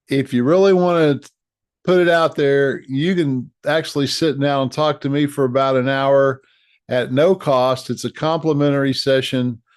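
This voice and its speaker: A middle-aged man talks straight to his viewers as a leadership coach, earnest and encouraging, often restarting a phrase before finishing it. His voice sits at an ordinary pitch for a man. The sound is dry and close, with little room echo. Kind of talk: direct-to-camera coaching talk.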